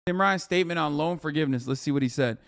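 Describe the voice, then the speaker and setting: The man talks at a quick pace in a fairly bright voice that sits on the high side. As a political streamer, he hosts a live stream of casual commentary, reacting to news with profane, incredulous rants.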